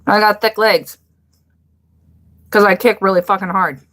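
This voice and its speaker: A woman's voice: medium pitch, fairly even intonation, unhurried, fairly bright tone. A young woman hosting a casual live stream, chatting bluntly with viewers, swearing freely and laughing often.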